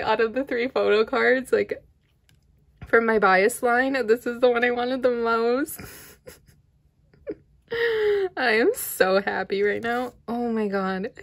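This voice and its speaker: A young woman, chatting in a casual unboxing vlog, excitable and giggly, breaking into squeals of delight. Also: a little high, creaky. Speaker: vlogger.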